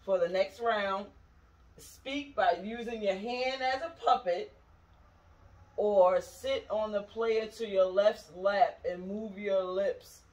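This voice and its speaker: Brief: mom at a family game night, playful and teasing, recorded from across the room on dull home video. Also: female voice, medium pitch, slow, a little mellow, far from the mic. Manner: reads game cards aloud, teasing and laughing. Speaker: mother playing a family game. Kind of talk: casual family game chat. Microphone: far camera.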